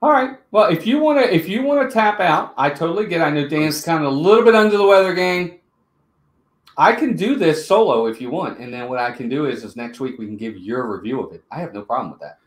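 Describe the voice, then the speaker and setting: A man's voice: fairly high pitch, expressive, fast, reverberant. Chatty man reviewing a movie. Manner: chatty, greets viewers in chat. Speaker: podcast co-host. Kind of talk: live-stream movie review chat.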